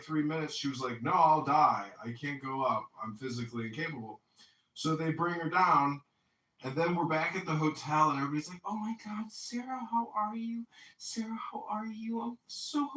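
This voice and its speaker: A man hosting a casual group chat, telling stories in an animated way. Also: medium pitch. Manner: animated storyteller, acts out others' lines. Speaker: podcast host. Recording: roomy and distant from the mic.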